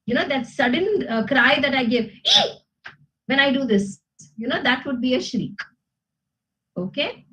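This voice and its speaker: A woman's voice: sits high, expressive, moderate pace, a bit bright, poor audio. A woman teaching grammar to a class, patiently explaining and checking in with "you know" and "okay?". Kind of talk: classroom lesson with student responses.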